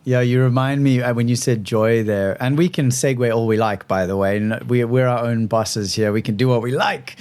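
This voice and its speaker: A man hosting a conversational podcast interview, relaxed and talkative, laughing at his own slips of the tongue. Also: mid-range voice, normal speed, few pauses, clear, resonant tone. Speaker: podcast host.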